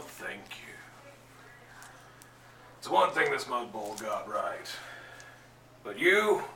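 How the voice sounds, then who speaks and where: A man's voice: medium pitch, background noise. Lobo, a man doing a swaggering alien brute. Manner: taunting, swaggering. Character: brash crude male alien bounty hunter, boastful. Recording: echoey room, distant mic.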